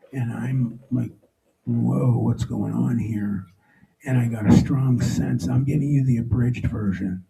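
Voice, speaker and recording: A middle-aged man telling his own story on stage to a live audience, emotional and halting, often restarting his sentences. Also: mid-range voice, creaky, mellow, poor audio.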